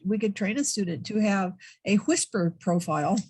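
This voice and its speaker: A woman's voice: mid-range voice, moderate pace, darkish tone, breathy edge. A woman who works as a professor, asking questions and giving suggestions in a webinar over a video call, in a direct, explanatory way. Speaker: professor and audience member.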